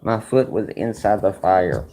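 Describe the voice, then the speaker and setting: A man's voice: deep voice, animated, unhurried, dark tone. A man streaming a card game, telling a rambling, profane story full of "like" and "you know". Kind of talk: casual storytelling while playing a card game.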